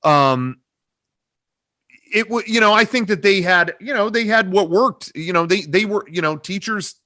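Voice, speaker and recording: A man's voice: sits high, animated, unhurried, bright, forceful tone, no room sound, clean studio sound. A middle-aged man, a comedy video creator, answering interview questions over a video call in a rambling way full of fillers. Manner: rambling, hedging, many "you know" fillers. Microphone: desk microphone on a cable.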